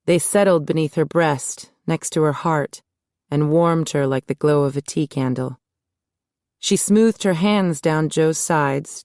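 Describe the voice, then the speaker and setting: A woman reading a romance audiobook in a smooth, measured narrating voice. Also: low-pitched, a little mellow, no echo, studio quality. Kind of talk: scripted narration.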